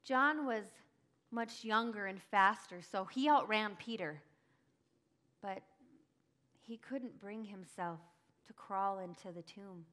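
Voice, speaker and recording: A woman acting a grieving early follower in a first-person dramatic monologue, telling it breathlessly and crying out in high bursts. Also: takes it slowly, pauses often, bright, forceful tone. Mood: hushed. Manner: emotional, breathless storytelling, cries out in high bursts. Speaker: church dramatic monologue performer.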